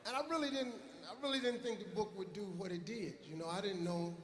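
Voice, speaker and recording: A middle-aged man doing stand-up comedy on a live stage, telling stories in a loud, profane way and often shouting. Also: high-pitched, fast.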